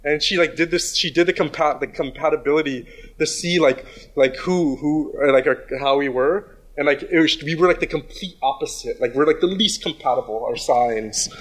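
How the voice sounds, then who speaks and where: Guy rambling thru a crude story, lots of likes and restarts, kinda high voice. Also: moderate pace, hardly any pauses. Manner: rambling, many fillers and restarts; crude, blunt. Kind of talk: casual storytelling chat.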